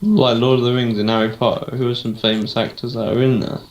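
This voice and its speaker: A man's voice: medium pitch, level tone, fast talker, slight background noise. Casual young male podcast co-host who rambles, second-guesses himself and fills gaps with ums; recorded in a roomy space. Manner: rambling, unsure, thinks aloud with many ums. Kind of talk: casual chat.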